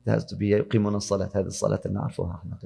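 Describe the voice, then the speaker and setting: Male scholar, fast-paced, reciting and explaining verses, gravelly voice in a reverberant hall. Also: lowish voice, flat delivery, dark tone. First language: Arabic. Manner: deliberate, repeats words, recites Arabic verses. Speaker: Islamic scholar teaching Quran. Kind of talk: explanatory Quran lesson, mixing Arabic and English.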